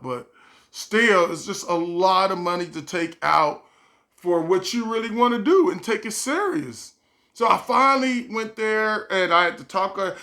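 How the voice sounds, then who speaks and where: A man telling a casual storytime vlog, animated and stumbling, repeating words as he goes. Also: sits high, creaky. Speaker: vlogger.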